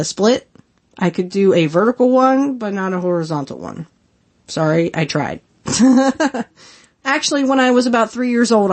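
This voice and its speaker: A woman's voice: lowish voice, darkish tone. A woman in her thirties hosting a podcast, chatting casually on her own with lots of giggles and filler words. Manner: giggly, rambling, many fillers. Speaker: podcast host. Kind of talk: casual solo commentary.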